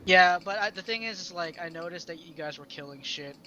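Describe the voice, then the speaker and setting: A man's voice: high voice, fairly quick, lo-fi sound, a crowd in the background. A man narrating as game master in a tabletop game, chatty and loose, scattering "like" through his lines.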